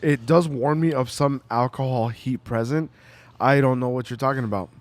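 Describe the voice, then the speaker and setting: A man hosting a beer-tasting podcast, talking in a laid-back, measured way with many pauses. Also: mid-range voice. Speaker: podcast host. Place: brewery taproom.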